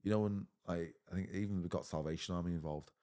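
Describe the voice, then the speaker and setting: A man's voice: low voice, fairly even intonation, fast talker, dark tone, clear, resonant tone. A man in his thirties with an English accent, talking bluntly as a podcast guest, swearing often and saying mate a lot. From England. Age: 30s. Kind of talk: casual conversation.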